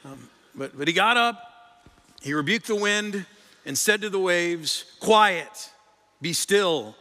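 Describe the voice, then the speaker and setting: A man with a bright, forceful voice pitched a little high preaches on a stage microphone. He talks in a conversational way and lifts his pitch and volume sharply to stress a point. The sound rings on in a large church hall. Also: lively intonation, a little slow. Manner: conversational, rises in pitch and volume for emphasis, repeats words. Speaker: pastor. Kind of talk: sermon. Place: church sanctuary. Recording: long reverb of a large hall.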